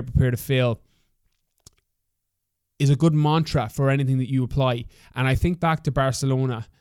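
A man's voice: mid-range voice, a little mellow, clean tone, no room sound, studio quality. A young adult man with an Irish accent hosting a motivational solo podcast, talking candidly and swearing freely in a coaching tone. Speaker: podcast host.

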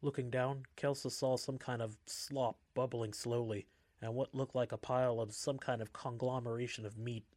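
A man reading a story aloud in a steady, measured way. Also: mid-range voice, no room sound.

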